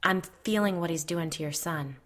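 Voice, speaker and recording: A woman voicing a blunt middle-aged female psychic who speaks gravely and firmly. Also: fairly low pitch, normal speed, close to an everyday voice. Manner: blunt, commanding.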